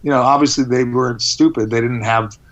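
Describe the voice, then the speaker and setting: A man rambles through his stories as an interview guest, animated and full of restarts. His pitch sits in the middle. The sound is a little dull and lo-fi. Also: a little fast. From United States. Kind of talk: casual interview.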